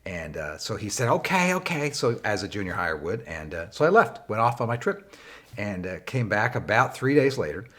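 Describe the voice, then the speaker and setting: A man with a somewhat low voice tells a long personal story to make a leadership point. He talks in an easy, conversational way with plenty of small fillers, and his pitch jumps up when he stresses a wry detail. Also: lively intonation, fairly bright tone. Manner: conversational, unhurried, frequent "uh" fillers; rises in pitch for wry emphasis. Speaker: leadership teacher. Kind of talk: anecdotal storytelling lesson.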